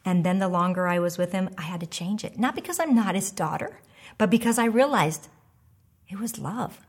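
A woman in her fifties giving a devotional teaching talk, animated and emphatic, sometimes dropping to a soft hush. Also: on the low side, brisk. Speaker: devotional speaker and author.

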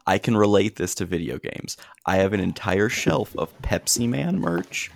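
A man's voice: low-pitched, lively intonation, moderate pace, gravelly. A man co-hosting a casual podcast, blunt and joking with casual swearing. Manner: blunt, profane joker. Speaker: podcast co-host.

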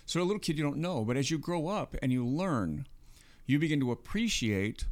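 A man with a voice on the high side talks fairly quickly and animatedly as a podcast co-host. He works through questions of faith in a casual, earnest manner, frequently checking in with "right?"

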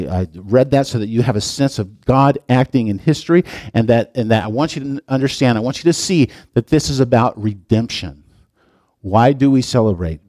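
A man's voice: mid-range voice, darkish tone, no echo. A man preaching a sermon as pastor, moving between reading scripture aloud and chatty, digressive asides to his congregation. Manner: reads scripture aloud with pauses and stresses. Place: church sanctuary.

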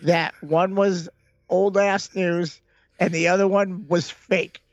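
A man's voice: sits high, flat delivery, slow, no room sound, dull audio. A man in his thirties co-hosting a podcast, swearing freely and mocking his partner in casual banter. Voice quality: gravelly, profane, teasing. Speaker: podcast co-host.

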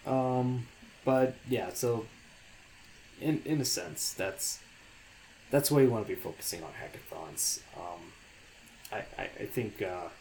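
A man's voice: mid-range voice, lively intonation, unhurried, pauses often, darkish tone, a little hiss or hum. A young man co-hosting a casual podcast, talking in a loose, hesitant way with lots of fillers and restarts. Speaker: podcast co-host.

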